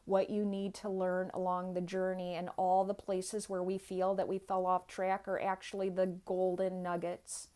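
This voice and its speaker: A woman's voice: fairly low pitch, monotone, moderate pace, hardly any pauses, warm tone. A woman giving an earnest, inspirational personal talk as a guest, speaking straight to the viewers.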